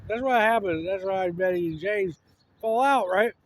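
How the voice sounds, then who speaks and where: A man's voice: high voice, normal speed, slight background noise. A man rambling through a casual monologue, slangy, with lots of restarts. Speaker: vlogger.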